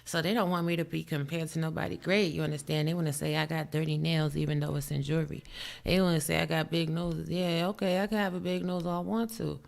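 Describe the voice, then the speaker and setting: A woman's voice: sits low, fairly even intonation, quick pace, creaky. A woman with a New York accent co-hosting a chat show, brash, profane and boastful in casual talk. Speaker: podcast co-host.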